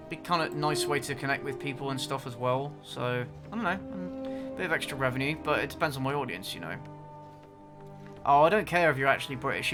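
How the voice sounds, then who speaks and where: A man chatting casually to viewers while streaming a game, dropping wry, sarcastic asides. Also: mid-range voice. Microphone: desk mic with facecam.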